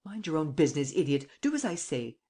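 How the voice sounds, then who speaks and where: A woman reading an audiobook, voicing a suave, teasing male gentleman thief who gives brisk commands. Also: sits low, very animated, slightly rough, exaggerated voice. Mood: triumphant.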